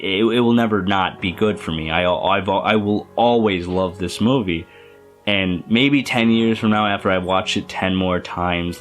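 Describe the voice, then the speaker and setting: A man's voice: low-pitched, a bit bright. A young man casually reviewing a favorite film in a rambling, enthusiastic vlog, full of fillers and restarts. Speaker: youtuber.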